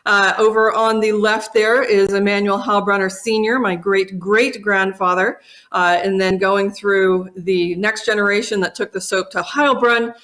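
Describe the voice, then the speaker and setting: A middle-aged woman speaks at a conference keynote with an earnest, reflective storytelling manner. Her voice sits at an ordinary pitch for a woman. She delivers the talk steadily and sincerely. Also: a bit bright. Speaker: keynote speaker from a family company.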